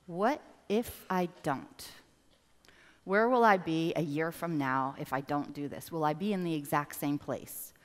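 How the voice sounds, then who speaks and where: A woman business coach giving a motivational seminar talk, animated and addressing the audience directly. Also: low-pitched. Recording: reverberant hall.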